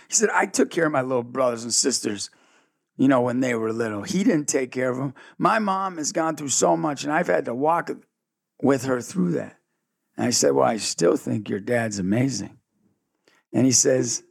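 A man tells his story with energy and a gravelly edge, jumping in and out of quoted dialogue. His pitch sits in a middle range. The recording is dry and close, with no room sound. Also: no echo. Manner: energetic, fast-shifting, acts out dialogue. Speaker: guest, ministry founder. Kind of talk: animated storytelling interview.

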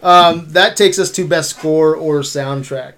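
A man's voice: on the high side, slow pace, a bit bright. A man hosting a podcast, ranting in casual, profane chat. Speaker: podcast host and editor.

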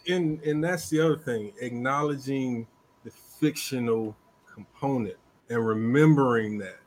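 A man in casual podcast chat with a middle-pitched voice. He talks emphatically, and his pitch leaps up sharply whenever he drives a point home. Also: measured pace, a little hiss or hum. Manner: animated, emphatic, jumps up in pitch to stress points.

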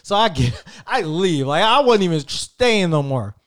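Lively, profane man telling a story. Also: sits high, measured pace. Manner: animated, profane, slangy and conversational. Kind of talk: casual storytelling.

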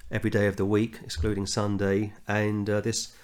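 A man's voice: lowish voice, completely flat delivery, a little fast, clear, resonant tone. A middle-aged Englishman, teaching a verse-by-verse Bible study and telling anecdotes, earnestly reading scripture with rising emphasis. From England.

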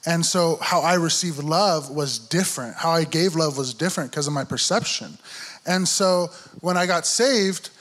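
A young man with a slightly higher voice tells his faith story in relaxed conversation. He talks in an animated way and often laughs as he goes. The delivery feels like casual chat. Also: moderate pace. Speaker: guest sharing testimony.

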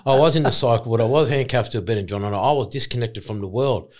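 An Australian man in his forties, a former rugby league player telling his story in an excitable, rambling, emphatic way as a podcast guest. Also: medium pitch, quick pace. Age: 40s. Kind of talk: casual podcast interview.

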